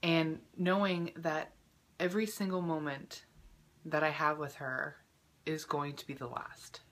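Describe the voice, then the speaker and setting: Chatty woman with a bright low voice. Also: steady tone, measured pace. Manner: emotional, tearful at times; chatty, many fillers. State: recovering from a cough, throat-clearing. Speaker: vlogger. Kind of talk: casual personal vlog.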